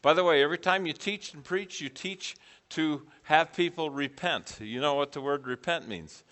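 A man's voice: on the high side, moderate pace, a bit bright. A middle-aged man teaching a preaching class, putting questions to the group and repeating back their answers.

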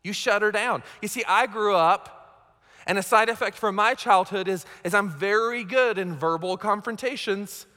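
A man's voice: high-pitched, normal speed, sharp tone. A man preaching a sermon as pastor, conversational and self-mocking, often checking in with his listeners. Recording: long hall reverb.

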